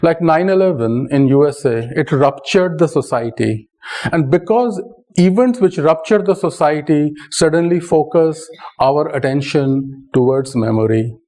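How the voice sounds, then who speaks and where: Indian man lecturing in a mellow voice. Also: on the high side, animated, a little slow, rough recording. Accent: Indian English. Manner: conversational, often adds "right?". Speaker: speaker giving a talk. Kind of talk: public lecture with anecdotes.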